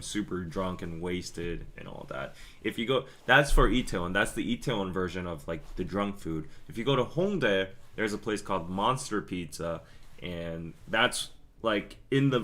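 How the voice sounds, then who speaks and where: A young man hosting a live stream, chatting casually and rambling through stories and viewer comments with quick asides and laughs. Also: low voice, a bit bright. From Korea. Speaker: podcast host reading live chat.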